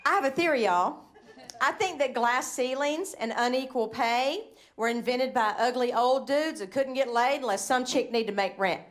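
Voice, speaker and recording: A woman's voice: high voice, normal speed, background noise. Brash Southern woman doing stand-up. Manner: brash, profane, mocking quoted voices. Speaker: stand-up comic. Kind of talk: stand-up set. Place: comedy club stage. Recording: live club with audience laughter.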